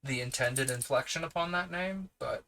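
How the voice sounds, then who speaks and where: A man's voice: mid-range voice, moderate pace, vocal fry, bright, forceful tone, poor audio. A man with a New Zealand accent reading a novel aloud on a livestream, breaking off into chatty asides to his live chat. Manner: chatty, digresses and answers live chat between passages. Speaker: livestream book reader.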